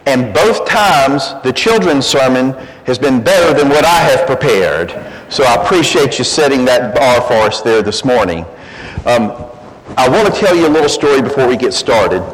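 A man's voice: mid-range voice, expressive, normal speed. A man, speaking as a guest at a church pulpit, telling a joke with folksy, self-deprecating humor. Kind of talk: church talk opening with a joke. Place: church sanctuary. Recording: long church reverb, faint hiss.

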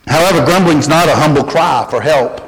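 A male pastor delivering a sermon, earnest, sinking low and quiet to press a point and climbing high when quoting. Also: brisk. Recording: long hall reverb.

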